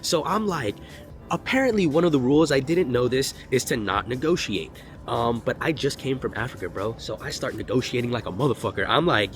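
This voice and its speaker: Young man, vlogger, storytime, rapid, slangy, profane. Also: medium pitch, animated, a bit bright, a little hiss or hum. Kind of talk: storytime vlog.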